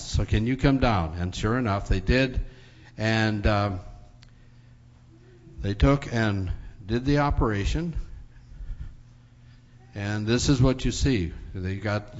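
Folksy man telling a sermon story. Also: fairly low pitch. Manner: folksy, pauses with fillers. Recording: dull recording in a large hall.

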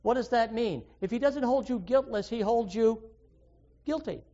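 A man with a high voice preaches a sermon, throwing questions at his listeners and leaning hard into key words. The recording is dull and lo-fi. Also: normal speed, dark tone. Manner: earnest, questioning, with sudden emphatic rises.

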